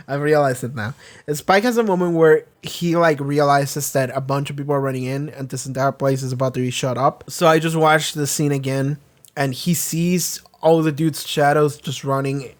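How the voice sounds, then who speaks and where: A young man with a somewhat high voice talks through an anime episode he just watched. His delivery is casual and excitable, full of fillers, restarts and easy swearing. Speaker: anime reaction host. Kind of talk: casual reaction commentary.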